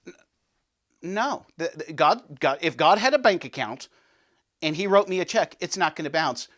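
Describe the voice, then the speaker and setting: Animated man preaching a devotional. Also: fairly high pitch, moderate pace. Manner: animated, swings between loud and hushed; peppers talk with "you know what I'm saying" and "okay". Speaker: men's ministry host.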